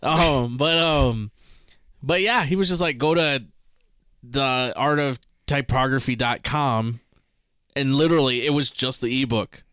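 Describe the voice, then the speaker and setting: A young man co-hosting a podcast in casual chat, relaxed and rambling, laughing easily. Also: mid-range voice, normal speed, clear, resonant tone, dry recording, studio quality. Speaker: podcast co-host.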